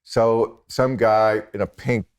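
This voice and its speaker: A man's voice: lowish voice, steady tone, slow, clean tone. An American man in his sixties, a comedian talking as a guest in casual chat, sardonic and profane, with laughing asides.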